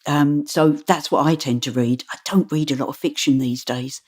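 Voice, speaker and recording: A woman who works as an audiobook narrator, chatting casually in an interview, animated and laughing often. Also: low voice, normal speed, husky.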